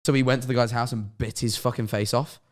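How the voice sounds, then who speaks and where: A man's voice: medium pitch, fairly even intonation, quick pace. A British man chatting casually as a guest, swearing a lot. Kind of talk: casual chat.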